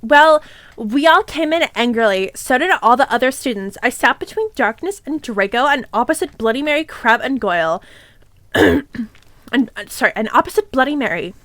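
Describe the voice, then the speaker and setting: A woman streamer reads a fanfic aloud in a deadpan way, with laughing asides. Her voice is high. The sound is dry and close, with no room echo.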